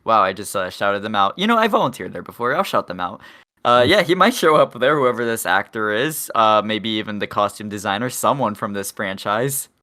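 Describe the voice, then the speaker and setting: A man's voice: on the low side, brisk. A man co-hosting a casual movie-review podcast, laughing often and joking along. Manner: laughs easily, jokey and lively. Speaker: podcast co-host. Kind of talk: casual chat.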